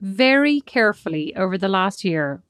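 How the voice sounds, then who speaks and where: A woman's voice: mid-range voice, lively intonation, normal speed, fairly bright tone, dry recording, studio quality. A woman, co-hosting a podcast with blunt, teasing banter. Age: 40s. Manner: wry, teasing, blunt storyteller. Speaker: podcast co-host. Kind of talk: casual chat.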